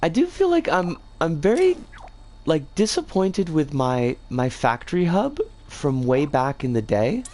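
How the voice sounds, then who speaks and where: A game streamer chatting casually on a livestream, rambling with playful slang, their voice rough and scratchy today. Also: medium pitch, big pitch swings, unhurried, a little mellow.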